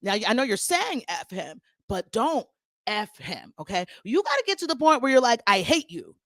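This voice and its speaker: Sassy young woman host for a reality TV recap, bright higher voice, dry close sound, dramatic delivery. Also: very animated, normal speed, no room sound. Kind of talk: casual gossip recap.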